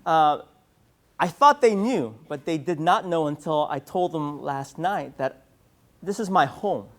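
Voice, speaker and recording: A man's voice: on the high side, lively intonation, unhurried, a bit bright. A man in his thirties from San Francisco, giving a humorous conference keynote with storytelling and playful asides to the audience. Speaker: keynote speaker. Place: conference hall.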